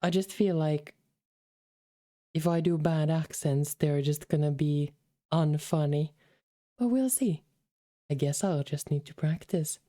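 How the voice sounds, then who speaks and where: A woman's voice: sits low, unhurried, pauses often, mellow, no echo, clean studio sound. A woman streamer chatting casually with her viewers while reading a game, affectionately calling them darlings.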